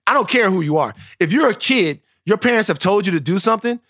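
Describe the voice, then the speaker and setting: A male podcast co-host from Louisiana telling stories in casual, profane, animated chat. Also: sits high, fast, dry recording, clean studio sound. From Louisiana, United States.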